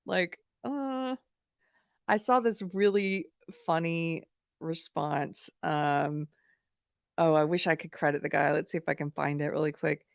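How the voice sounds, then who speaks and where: An outspoken woman hosts a livestream, offering casual, chatty commentary as if she's just hanging out with her viewers. Her voice is slightly low for a woman, creaky yet smooth, with a steady tone and moderate pace. The recording is dry and close, with no room sound or echo.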